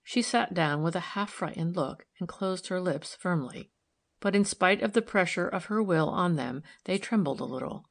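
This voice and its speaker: Low-voiced woman reading a novel aloud. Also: moderate pace, vocal fry. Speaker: audiobook reader. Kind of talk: scripted narration.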